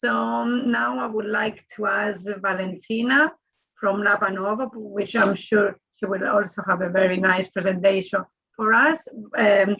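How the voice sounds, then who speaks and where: Webinar host, woman, raspy with some gravel, muffled call audio. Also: medium pitch, steady tone, unhurried. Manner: polite, with fillers. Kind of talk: moderating a webinar. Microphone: video call.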